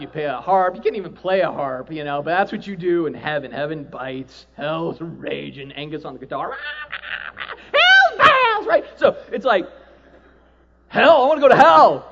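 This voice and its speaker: A man preaching a sermon to a live audience, animated, acting out quoted voices and often asking "right?". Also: fairly high pitch, muffled recording. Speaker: pastor.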